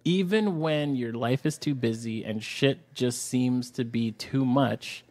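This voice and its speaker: A man's voice: medium pitch, slow pace, darkish tone. A man from New York co-hosting a podcast, chatting casually in a playful, jokey way. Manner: playful, jokey, breaks into silly voices and sounds. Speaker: podcast co-host. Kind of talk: casual chat.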